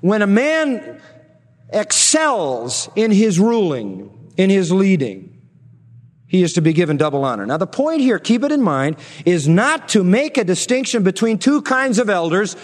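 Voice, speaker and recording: A man preaching a sermon as a pastor, measured and emphatic, slowing down to stress key words. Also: sits high, long reverb tail.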